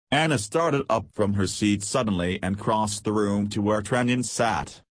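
Male audiobook narrator, low and husky, steady delivery. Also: unhurried, few pauses, no echo. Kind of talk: scripted narration.

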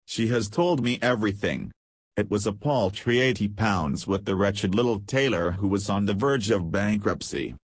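A man playing a stern, indignant gentleman. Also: on the low side, animated, normal speed, husky, no echo. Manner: firm and earnest.

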